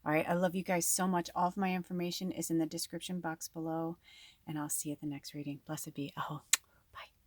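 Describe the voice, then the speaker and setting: A woman's voice: low-pitched, flat delivery, fast talker, a little mellow. A woman giving a casual spiritual card reading in a rambling, chatty way, full of fillers, recorded at home on a farm. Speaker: tarot and oracle card reader.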